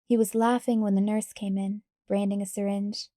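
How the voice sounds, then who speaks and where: A woman reading a novel aloud in quiet, even first-person narration. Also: mid-range voice, moderate pace, no room sound, studio quality. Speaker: audiobook reader.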